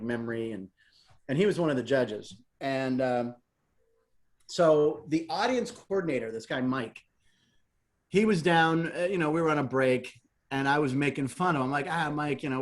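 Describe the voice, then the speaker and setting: A middle-aged man telling stories in a casual interview, animated and laughing often as he acts out what people said. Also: mid-range voice. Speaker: guest, comedian and game show host.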